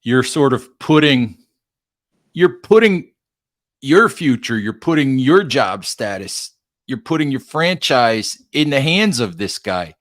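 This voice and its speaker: A man's voice: mid-range voice, animated, slow, fairly bright tone. A man hosting an interview, asking questions in a conversational, wry way. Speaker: host, writer. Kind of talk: podcast interview.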